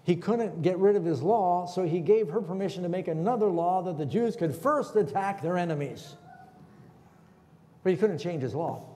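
Preacher in an echoey church hall. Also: male voice, high voice, normal speed, mellow. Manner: asks the congregation questions. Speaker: pastor. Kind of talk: sermon.

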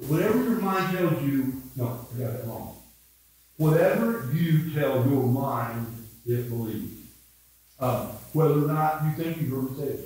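A man's voice: a little high, darkish tone. A man in his seventies with a Midwestern American accent, a pastor telling rambling, self-mocking stories in a casual Bible study. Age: 70s. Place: church room. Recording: echoey room, mic far off.

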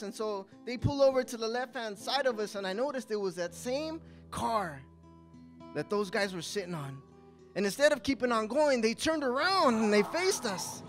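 In a coffee house with faint music behind him, a young man tells his testimony live at a moderate pace. His voice is a bit bright with lively intonation, rising through tense moments and going low through sad ones, full of emotion.

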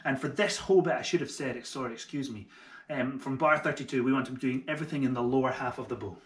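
A friendly man teaching double bass in an echoey room. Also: quick pace. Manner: friendly and encouraging, with light self-mocking jokes. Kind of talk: online music tutorial.

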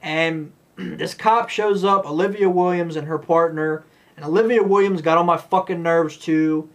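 A man's voice: a little high, steady tone, normal speed. A man giving a rambling, blunt, profane movie review rant.

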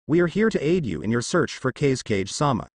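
A man's voice: mid-range voice, sing-song, fast talker, no echo, clean studio sound. A man doing a patient veteran ninja. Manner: patient, explaining.

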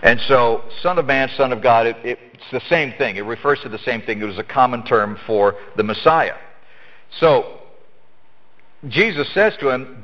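A man's voice: mid-range voice, expressive, moderate pace. A man leading a Bible study lesson in a church, explaining earnestly and emphatically, often restarting his sentences. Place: church hall. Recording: echoey church hall, dull lo-fi sound.

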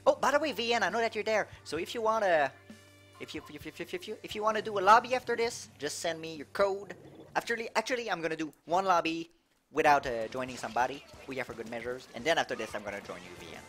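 A young man from Quebec with a Québécois French accent, streaming a game live, reacting excitably and reading chat aloud with frequent laughs. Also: on the high side, quick pace, soft background music. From Quebec, Canada.

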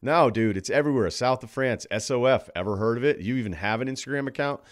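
A man's voice: mid-range voice, quick pace. A man appearing as a podcast guest, talking in a wry, rambling way and correcting himself as he goes. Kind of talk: casual chat.

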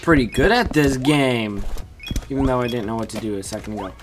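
A woman giving excitable gameplay commentary, chattering at the game and breaking into sudden yelps. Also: very deep voice, brisk, background noise. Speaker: gaming channel host. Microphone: USB desk microphone.

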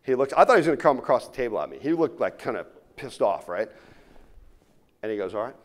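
A man giving a motivational keynote to a live audience, telling stories and swinging between loud punches and quiet asides. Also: medium pitch, sing-song, quick pace. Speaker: keynote speaker. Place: conference room before a live audience.

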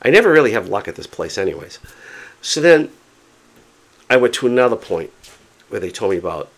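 Lively, animated man telling a story. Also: on the low side, a little fast. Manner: animated, chatty, repeats himself for emphasis; excited, determined. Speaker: vlogger. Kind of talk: casual storytelling to camera.

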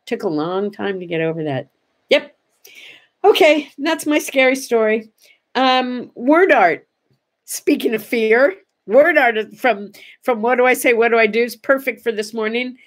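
A woman hosting a casual morning vlog, telling a story in an animated way and acting out the dialogue. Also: fairly high pitch, a little slow. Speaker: host.

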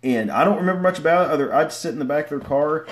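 A man, rambling through casual livestream stories, with many fillers and restarts and sudden loud outbursts. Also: a little high, racing. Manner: bursts into loud shouts when acting out stories. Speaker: vlogger.

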